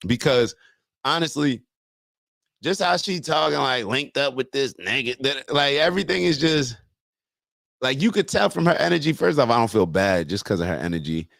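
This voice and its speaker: A man's voice: medium pitch, animated, normal speed, vocal fry, fairly bright tone, no echo, studio quality. A man hosting a morning show, reacting to a clip and reading viewer comments in loose, slangy talk aimed straight at his viewers.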